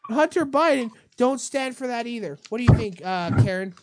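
A woman's voice: on the high side, lively intonation, normal speed, hardly any pauses, no echo. A young woman hosting a mock talk-radio show, ranting in fake outrage and swearing.

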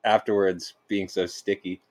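A man's voice: low-pitched, flat delivery, normal speed, a little mellow, dry recording. A man co-hosting a podcast, dropping dry, provocative quips into crude banter.

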